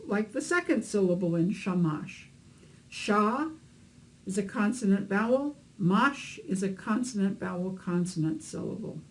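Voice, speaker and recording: A woman's voice: medium pitch, a little mellow, low-quality recording. A woman teaching beginners to read Hebrew, explaining letters and vowels patiently with a few fillers. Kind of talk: instructional lesson narration.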